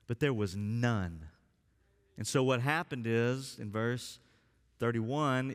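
A man preaching a sermon as pastor, speaking earnestly and drawing out key words for emphasis. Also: a little high. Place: church sanctuary. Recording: long reverb of a church hall.

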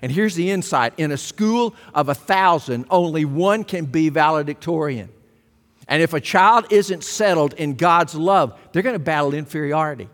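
A man's voice: on the high side, moderate pace. Emphatic male preacher in a reverberant hall. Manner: emphatic preaching, rising to loud exclamations. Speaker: pastor. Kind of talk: sermon. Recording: long reverb of a large hall.

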